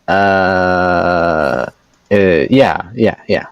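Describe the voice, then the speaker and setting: A man's voice: sits low, extremely slow, vocal fry, clear, resonant tone, dull audio, faint music behind. A man playing in a tabletop game, swearing, laughing often and complaining in mock exasperation. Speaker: player. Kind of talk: casual tabletop game banter.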